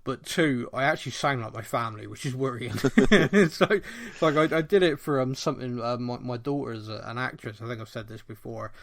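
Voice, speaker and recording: A middle-aged man from Bristol with a mild Bristolian accent, co-hosting a podcast in a rambling, animated casual chat. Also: medium pitch, fairly quick, few pauses. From Bristol, England. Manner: animated, rambling, thinks aloud. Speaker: podcast co-host.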